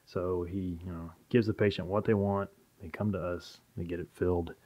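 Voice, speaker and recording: A man who works as a pharmacist, talking as a podcast guest in a measured, explanatory way. His voice sits low. The audio is dull and lo-fi. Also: fairly even intonation. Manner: explanatory, measured, some restarts. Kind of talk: casual podcast chat.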